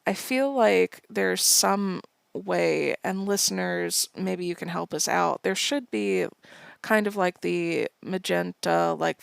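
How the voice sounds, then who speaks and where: A woman's voice: fairly low pitch, gravelly, fairly bright tone, dry recording, studio quality. A woman co-hosting a podcast, playfully reading out a list of audience callback lines in casual chat. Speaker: podcast co-host.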